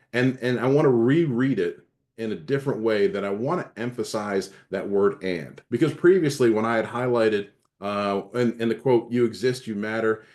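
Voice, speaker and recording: A man's voice: fairly low pitch, darkish tone. A middle-aged man, a leadership coach, presenting a recorded training session in an earnest, emphatic way, often restarting and repeating words.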